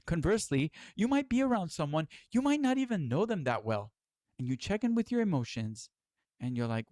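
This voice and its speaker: A man's voice: on the high side, big pitch swings, a little fast, darkish tone, no echo, clean studio sound. A middle-aged man giving a spiritual lecture as its teacher, earnest and exhorting, with casual swearing.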